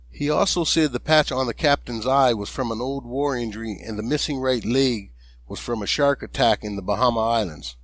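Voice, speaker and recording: A man's voice: mid-range voice, no echo. Man narrating an audiobook, dry. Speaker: author and narrator.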